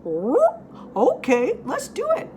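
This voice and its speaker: A woman's voice: high voice, wildly swooping pitch, slow, a little mellow, a little hiss or hum, voice pushed up, heavily acted. A woman voicing a cheerful, friendly male dog in a children's story.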